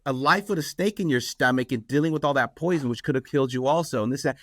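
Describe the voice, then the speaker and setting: A man voicing a farmer's wife who scolds her husband, slightly higher and slower. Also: no echo, clean studio sound, close to an everyday voice. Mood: outraged. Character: indignant farmer's wife, woman.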